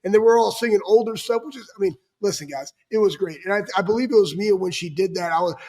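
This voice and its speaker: A male co-host with a fairly high voice chats with enthusiasm. He often affirms what is said and adds his own memories in a casual, upbeat way. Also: fast talker, a little mellow. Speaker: show co-host. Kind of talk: casual chat.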